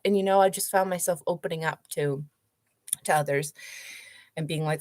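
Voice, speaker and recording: A woman hosting a show, reading a book passage aloud slowly and then chatting casually with many fillers. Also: low voice, fairly even intonation, darkish tone, dry recording. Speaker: host.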